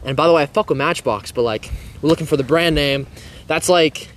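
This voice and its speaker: Loud ranting teenage boy, high voice. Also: fairly quick, slight background noise. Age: teens. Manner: loud ranting storyteller, swears a lot. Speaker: podcast co-host. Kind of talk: casual chat.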